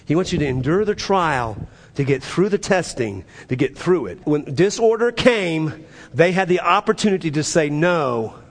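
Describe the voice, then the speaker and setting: A man preaching a sermon as pastor, building up loud and high, then dropping to a low, quiet voice. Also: lively intonation, moderate pace, in a large hall.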